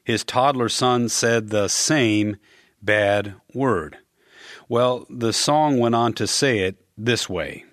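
A man preaching a sermon in an earnest, emphatic way, rising on key words and dropping soft at line ends. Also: medium pitch, takes it slowly, no room sound, studio quality.

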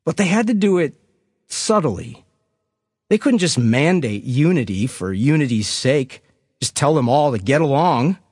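A man preaching a sermon, telling a story with an animated storyteller's delivery that swells at dramatic moments. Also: a little high, measured pace, breathy edge, no echo, studio quality.

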